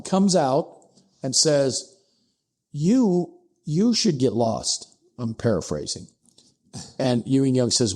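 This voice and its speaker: A man telling a historical story as a podcast guest, acting out the dialogue with sudden rises in pitch. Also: a little mellow. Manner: acts out dialogue with pitch jumps, asides like "I'm paraphrasing". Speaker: podcast guest, distillery co-founder.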